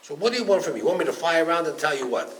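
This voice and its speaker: A man voicing a stubborn, argumentative male raven that insists loudly on its own way. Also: fairly high pitch, animated, rapid-fire, slight background noise, rough recording. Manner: insistent, loud and defiant.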